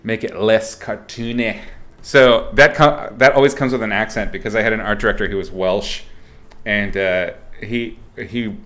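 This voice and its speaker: Joking low-voiced man teaching art. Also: normal speed, a bit bright. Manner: playful and joking, laughs often, swears; rambling, with fillers and restarts. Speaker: art instructor streaming. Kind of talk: casual livestream art lesson.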